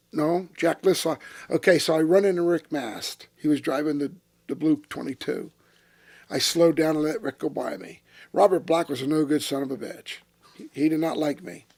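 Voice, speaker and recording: Gravelly, blunt older man telling stories. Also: fairly high pitch. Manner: blunt, profane, flares into shouting when retelling confrontations. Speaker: interview guest, former racing driver. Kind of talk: storytelling in a casual interview.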